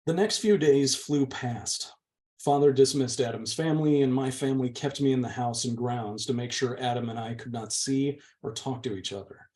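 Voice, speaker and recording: A man's voice: medium pitch, moderate pace, darkish tone. A man, the channel's host, steadily reading a novel's chapter aloud. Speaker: book reader, channel host.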